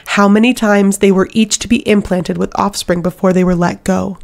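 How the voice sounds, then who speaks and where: Casting: woman narrator doing a frightened young servant girl, halting and gravelly, an audiobook figure. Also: mid-range voice, steady tone, close to an everyday voice. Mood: shaken. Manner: halting, shaken, breaking into sobs.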